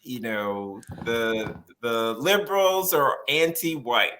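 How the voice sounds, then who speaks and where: A man's voice: medium pitch, takes it slowly, sharp tone, a little hiss or hum. A man who is a policy researcher speaks as a guest on a podcast interview, explaining at length, often laughing and restarting his phrases as he thinks.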